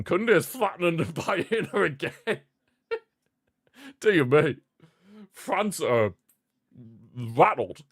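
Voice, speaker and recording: Watching a football match, a man offers laid-back running commentary, chatty and repetitive, breaking into sudden bursts of excitement. His voice sits in the mid range, and the studio recording is clean with no room sound.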